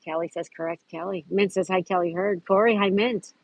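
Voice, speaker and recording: A woman's voice: fairly low pitch, fairly even intonation, fairly quick, dry recording, poor audio. A woman hosting a casual live stream outdoors at a park, chatting and greeting viewers by name as she reads their comments. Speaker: livestream host.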